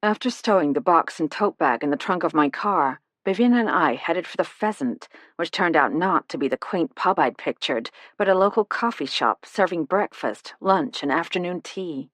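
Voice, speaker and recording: Low-voiced woman narrating an audiobook. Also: lively intonation, normal speed, hardly any pauses, dry recording. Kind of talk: scripted first-person narration.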